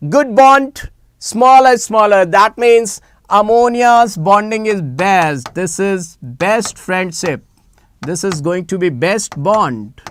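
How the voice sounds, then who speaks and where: A man teaching a live online chemistry class, animated and repeating phrases as he coaxes students to answer in the chat. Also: sits high, takes it slowly, slight background noise.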